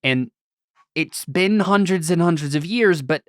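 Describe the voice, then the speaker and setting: A man running a tabletop role-playing game, explaining the world at an unhurried pace with frequent pauses and fillers. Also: fairly high pitch, animated, a bit bright, dry recording, clean studio sound. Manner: hesitant, thinks aloud with many fillers. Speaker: game master.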